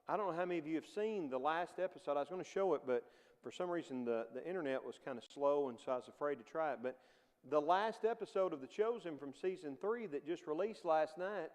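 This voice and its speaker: Male Bible class teacher, chatty and chuckling, high voice, reverberant church room. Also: a little mellow. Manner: conversational, chuckles often, acts out quotes.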